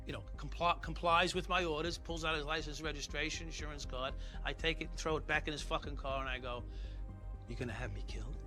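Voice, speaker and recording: A middle-aged man from New York City, a former police officer, bluntly retelling his past in an interview, full of swearing and quoted dialogue. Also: a little high. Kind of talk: documentary interview storytelling. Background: music.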